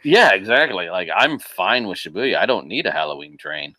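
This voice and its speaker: A man with a very low voice, talking in a casual podcast chat. He is animated, laughs often and restarts his sentences. The sound is dry and close. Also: normal speed, no room sound. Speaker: podcast guest.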